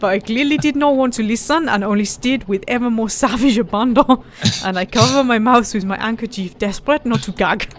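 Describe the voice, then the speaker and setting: Speaking a little high and a little fast with few pauses, this let's play host chats casually about the game. She reads its text aloud playfully and giggles a lot.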